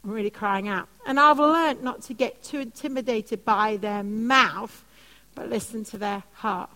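A woman preaching and teaching on prayer, telling animated stories. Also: a little slow. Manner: animated storytelling, soft lowered voice for quoted comforting words. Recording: long hall reverb.

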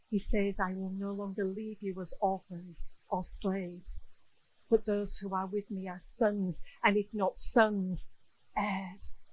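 A woman's voice: medium pitch, low-quality recording. A middle-aged woman preaching a sermon, earnest and emotional, acting out the people she quotes. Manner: earnest, emotional, quotes others in lively voices. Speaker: guest speaker.

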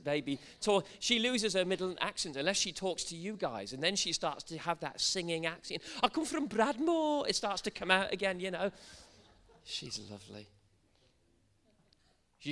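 A man's voice: a little high, pushed and bright. A man from Wales preaching a church sermon, joking with the congregation and building to fervent proclamation. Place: church service in front of a congregation.

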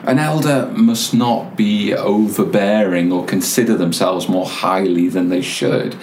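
A man preaching a sermon as pastor, measured, with pauses and repeated words. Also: on the low side, steady tone, darkish tone, reverberant, a little hiss or hum.

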